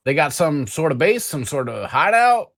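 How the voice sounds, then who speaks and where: A man's voice: a little high, big pitch swings, normal speed, fairly bright tone. A man playing a tabletop game, speaking for his character with some hesitation. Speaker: player.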